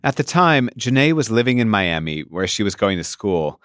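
Male host, low voice, lively delivery, dry booth sound, faint music. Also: moderate pace, clear, resonant tone, no room sound. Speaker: podcast host. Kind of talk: scripted narration.

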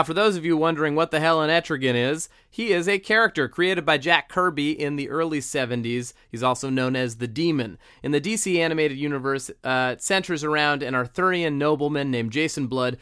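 A man's voice: medium pitch, pushed and bright, clear, resonant tone, no echo, clean studio sound. A man hosting a comedic podcast, upbeat and jokey, sometimes slipping into a mock newscaster read. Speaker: podcast host.

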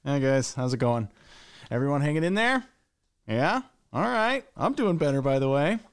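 A man reads the news on a talk radio show, his voice sitting a little higher than usual. He delivers it dry and deadpan, with a casual, joking slant. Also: normal speed, clean tone. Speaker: news reader and co-host.

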